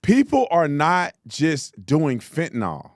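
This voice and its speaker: A man's voice: on the high side, huge pitch swings, slow, no echo, studio quality. A man hosting a political commentary show, mocking and exasperated, repeating words for emphasis.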